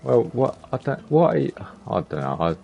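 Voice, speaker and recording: A man's voice: medium pitch, big pitch swings, moderate pace, creaky, a little mellow, a little hiss or hum. A man streaming a video game live, rambling casually and chatting to his viewers by name. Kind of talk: casual live gameplay commentary. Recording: slightly muffled lo-fi stream audio.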